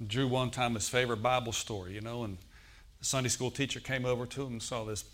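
A man's voice: mid-range voice, steady tone, fast talker, a bit bright. A man preaching a sermon as pastor. He tells stories, acts out the voices in them and calls for amens from the congregation. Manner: storytelling preacher who acts out quoted voices.

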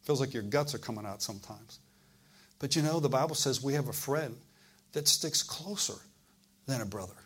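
Speaking at a moderate pace, this pastor's medium-pitched voice has a breathy edge. He swings from loud to hushed while preaching his sermon and questioning the congregation.

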